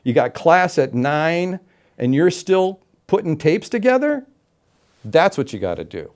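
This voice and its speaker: Middle-aged guy, kinda high voice, really animated, acts out every quote in his story. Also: unhurried. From Florida. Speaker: interview guest, game show announcer. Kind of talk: storytelling in an interview.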